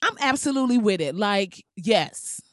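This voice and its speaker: A podcast host telling stories in casual, comedic chat, animated and full of slang and swearing, laughing often. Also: mid-range voice, normal speed, no echo, studio quality. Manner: animated, slangy, profane storytelling with frequent laughs.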